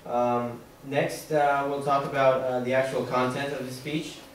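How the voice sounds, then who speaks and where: A man's voice: medium pitch, level tone, measured pace. A young man giving a class presentation, hesitant and full of fillers. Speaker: student presenter. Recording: echoey room from far off, faint noise.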